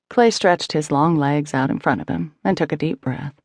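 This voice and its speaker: A woman reading a contemporary novel aloud as audiobook narrator, in a measured, intimate storytelling manner. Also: low-pitched, expressive, vocal fry, darkish tone, no room sound. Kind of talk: scripted narration.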